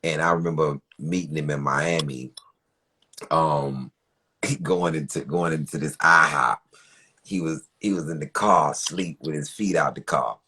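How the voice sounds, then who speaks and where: A man's voice: rumbling low, steady tone, unhurried, bright, forceful tone, husky. A man on a live phone stream, chatting in a laid-back way with chuckles between his words. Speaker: guest on a live chat. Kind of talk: casual chat. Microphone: phone on a live video stream.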